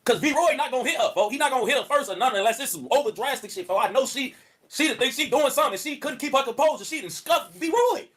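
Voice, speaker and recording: A man rants through a story in a high, very bright voice. He rattles along quickly with lively swings in pitch, loud and excitable. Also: husky. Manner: loud, excitable, laughs through his stories, says "folks" constantly. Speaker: streamer telling stories. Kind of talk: animated storytelling rant.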